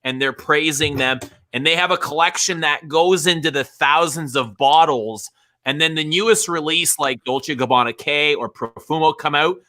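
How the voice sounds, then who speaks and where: A man's voice: fairly high pitch, moderate pace, bright, forceful tone. A man in casual chat, opinionated and emphatic, repeating his points to drive them home.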